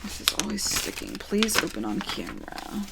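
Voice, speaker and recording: A young woman hosting her channel, reading fan mail aloud in a casual, affectionate way and now and then dropping into soft whispers. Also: medium pitch, wildly swooping pitch, moderate pace, gravelly, heavy background noise. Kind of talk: casual vlog chat, reading letters aloud.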